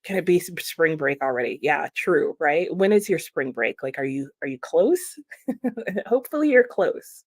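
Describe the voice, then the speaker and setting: A woman's voice: low-pitched, big pitch swings, moderate pace, husky, no room sound, clean studio sound. A young woman with an American accent, hosting a casual livestream and chatting with viewers, laughing often as she reads their comments. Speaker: livestream host reading chat.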